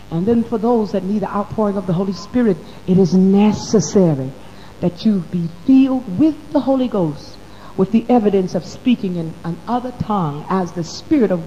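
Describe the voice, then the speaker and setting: A woman preaching a sermon to her congregation in church, dropping to a hush and then rising loud, calling her listeners baby and honey. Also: mid-range voice, big-room sound, lo-fi sound. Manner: swoops from hushed to loud. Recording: faint hum on an old recording.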